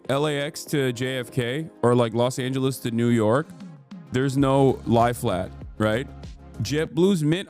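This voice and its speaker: A man in his thirties hosts a livestream, his voice medium-pitched with a darkish tone. In casual stream chat he rants heatedly and profanely, full of fillers, into a studio microphone running through a mixer.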